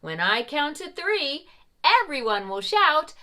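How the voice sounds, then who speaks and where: A woman's voice: sits high, big pitch swings, a little slow, pushed and bright. A woman playing Mother Goose, hosting an interactive preschool story time in a sing-song manner. She talks straight to young children, with big gasps and exclamations.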